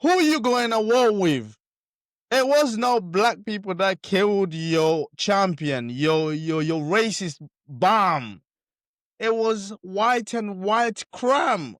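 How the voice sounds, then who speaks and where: Indignant man reacting, slow and lively. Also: on the high side, dry recording, studio quality. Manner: indignant, emphatic, repetitive. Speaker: commentator reacting to clips. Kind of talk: heated reaction commentary.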